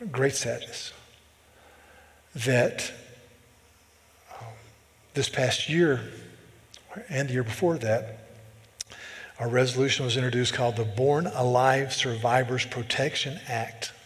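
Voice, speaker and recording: A man preaches as a pastor, pressing each point with emphatic repetition. His voice sits at a middle pitch. It rings out with a long reverb, as if recorded in a large church sanctuary. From American South. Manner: emphatic, repeats words when building a point. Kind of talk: sermon.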